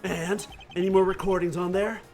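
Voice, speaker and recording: A man's voice: high-pitched, little pitch movement, moderate pace, a little mellow, soft background music. A man voicing a brash, cocky male police chief in a video game, speaking in a teasing way. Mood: brisk.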